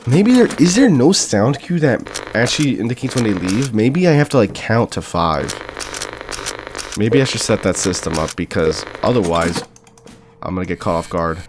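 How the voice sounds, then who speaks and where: A young man talking through a horror game as he plays, thinking aloud and reacting with quick exclamations. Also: lowish voice, lively intonation, background noise. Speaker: gaming channel host. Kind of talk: let's play commentary.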